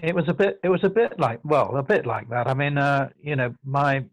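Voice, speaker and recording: This low-quality recording, free of echo, features a medium-pitched male voice. He is an older English interviewee with a posh southern accent, reflecting carefully and repeatedly halting to restart what he's saying in a thoughtful, self-correcting way.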